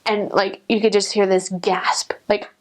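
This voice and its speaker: A young adult woman, a returned missionary, telling a personal story in a chatty, animated way, full of "like" fillers. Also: mid-range voice, a little slow. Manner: chatty, animated, many "like" fillers, acts out quotes in a raised voice.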